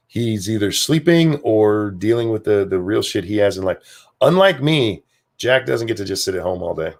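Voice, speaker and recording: A man with a lowish voice talks loosely on a home livestream, drifting between thoughts and swearing offhandedly. He reads viewer comments aloud and answers them in an easygoing, unscripted way. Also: creaky. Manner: rambling, profane, offhand. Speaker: livestream host. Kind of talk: casual livestream chat, reading viewer comments.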